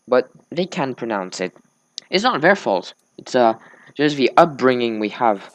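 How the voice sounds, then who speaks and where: A man's voice: medium pitch, lively intonation, measured pace, no echo. Male let's-play host, sleepy and slurring, rambling chat, dry close sound. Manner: rambling small talk, slurred words. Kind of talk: casual gameplay commentary.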